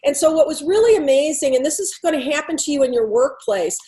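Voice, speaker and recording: A woman with a high, light voice talks through a lesson from her consulting work. She tells it as a story, acting out both sides of the dialogue and posing question after question. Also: lively intonation, quick pace, mellow, poor audio. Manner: conversational, re-enacts dialogue, Socratic questioning. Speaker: workplace culture consultant. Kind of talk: storytelling talk to a business audience.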